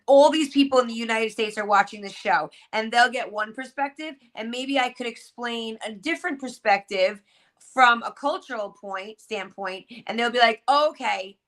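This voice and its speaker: A woman's voice: a little high, moderate pace, fairly bright tone. A woman talking casually as a panelist, emphatic and joking, often repeating words for effect. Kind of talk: casual podcast chat.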